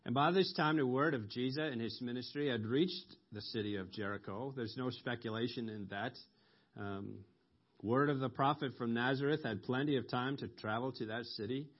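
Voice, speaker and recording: A man preaching a sermon, explaining scripture slowly with pauses and ums, rising sharply when he quotes a cry for mercy. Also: mid-range voice. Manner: slow, explanatory, with ums and emphatic rises on quoted cries. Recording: dull lo-fi recording.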